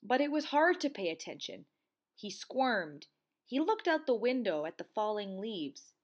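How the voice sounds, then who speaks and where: A woman teacher reading a children's storybook aloud, in an expressive, sing-song way. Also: a little high, measured pace.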